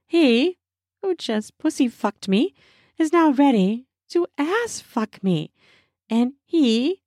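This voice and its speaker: A woman tells an erotic audio story in the first person, her voice breathy and intimate and a little high. She takes her time over every line, unhurried and hushed. The recording is dry and close, with no room sound. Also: big pitch swings, dry recording. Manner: breathy and intimate, slipping into soft moans. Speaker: narrator.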